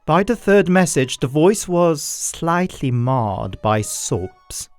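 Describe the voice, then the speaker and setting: A man narrating scary stories in a slow, measured way. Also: on the high side, very animated, dry recording. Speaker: storyteller. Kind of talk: scripted horror narration. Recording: dry, with soft violin music. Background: faint violin music.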